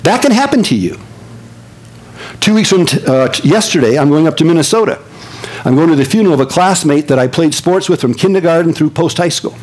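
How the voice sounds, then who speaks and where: An older man preaching a sermon as pastor, telling stories with lively swings from excited high tones to low hushed earnestness. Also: brisk, breathy edge, low-quality recording.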